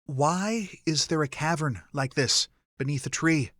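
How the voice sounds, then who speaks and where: A man voicing a young human man who talks in a rasping, choked voice. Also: medium pitch, takes it slowly, fairly bright tone, no room sound, studio quality. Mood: strained.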